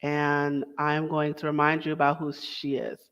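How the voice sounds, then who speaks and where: A woman's voice: low voice, completely flat delivery, normal speed, fairly bright tone, clear, resonant tone. A young woman hosting a casual talk show, chatty and enthusiastic, with small asides and self-corrections. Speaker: host. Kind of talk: casual podcast introduction.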